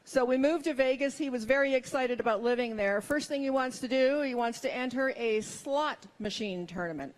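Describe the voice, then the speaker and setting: A woman's voice: high-pitched, moderate pace, hardly any pauses. A middle-aged woman performing a stand-up comedy set, with wry, self-mocking punchlines.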